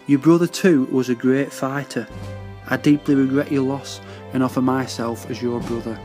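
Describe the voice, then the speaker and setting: A man's voice: medium pitch, steady tone, normal speed, over music, lightly acted. Man playing a battered young wrestler, tearful, formal, solemn.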